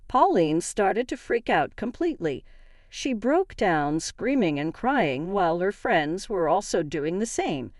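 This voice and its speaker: A woman tells a dramatic first-person story aloud. Her voice sits a little low and swings lively in pitch. The sound is dry and close. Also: unhurried, no echo. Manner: reads all characters in an even narrating voice.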